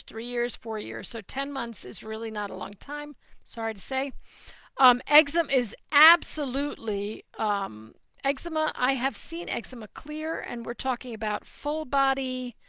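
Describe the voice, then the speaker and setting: A middle-aged woman from New Jersey hosts a live question-and-answer stream. She talks slowly and deliberately, in a bright, slightly high voice. She is animated, emphatic and openly opinionated, and the sound is close and dry. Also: gravelly, no room sound. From New Jersey, USA. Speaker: nutrition consultant answering viewer questions.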